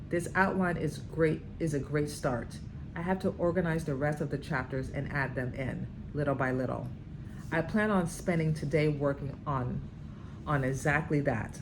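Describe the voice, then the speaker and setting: A woman vlogger reading a book aloud with dramatic emphasis and breaking in with her own emphatic comments. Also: noisy background. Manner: emphatic, with sudden high outbursts.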